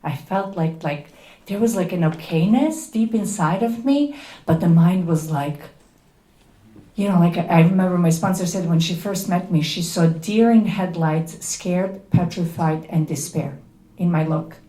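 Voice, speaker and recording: A woman's voice: fairly low pitch, measured pace, warm tone. Earnest Serbian-accented woman, echoey room. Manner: earnest, emphatic, candid. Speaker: recovery speaker at a workshop. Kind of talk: personal testimony talk. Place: workshop room before an audience.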